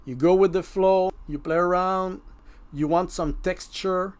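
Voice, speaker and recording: A man with a French accent talks slowly through his own craft tutorial in a relaxed voice-over. His voice sits a little high for a man. He is easygoing and self-mocking, and swears offhandedly. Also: smooth. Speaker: mask-making channel host.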